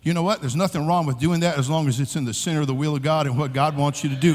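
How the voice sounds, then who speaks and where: Man, preacher, high voice, animated comic storytelling, long hall reverb. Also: racing, hardly any pauses. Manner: animated storytelling, shouting and laughing. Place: large conference hall.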